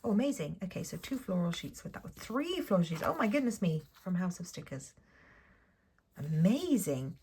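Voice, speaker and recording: A young Englishwoman chatting through a planner sticker haul, gushing and saying um a lot, often dropping to a soft whisper. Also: lowish voice, sing-song, normal speed, breathy edge. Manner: chatty, gushing, frequent ums and apologies. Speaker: planner vlogger. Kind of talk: casual sticker haul voice-over.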